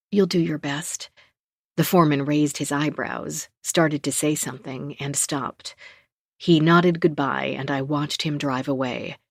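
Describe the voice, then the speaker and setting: A woman narrating a first-person thriller audiobook in a measured, low-key, tense voice, recorded close in a studio booth. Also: no room sound. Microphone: close studio mic.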